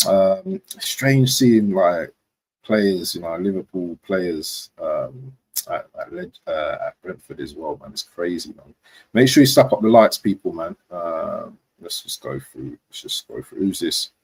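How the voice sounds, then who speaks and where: A man's voice: low voice, animated, unhurried, husky, rough recording. A young man chatting casually about football transfers on a live stream, rambling and slangy. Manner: rambling slangy, frequent "do you know what". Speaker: football vlogger.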